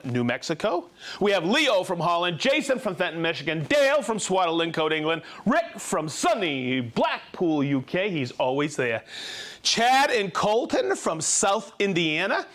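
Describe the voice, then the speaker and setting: Male live-show host, playful and energetic, high and animated voice. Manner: energetic, playful, reading out viewer names. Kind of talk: live show shout-outs.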